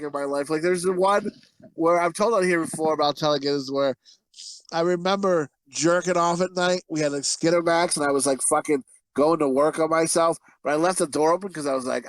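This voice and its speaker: A young man co-hosting a crude movie review podcast, telling stories in a profane, animated way and acting out quotes. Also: fairly high pitch, brisk, no room sound, low-quality recording. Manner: animated storyteller, profane, breaks into laughter, acts out quotes. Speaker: podcast co-host.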